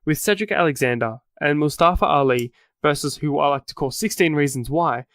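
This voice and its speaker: Aussie male podcast co-host, higher register, dry close mic, rambling recap delivery. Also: brisk, a bit bright, no echo. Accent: Australian. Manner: rambling, corrects himself mid-sentence. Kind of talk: casual wrestling recap chat.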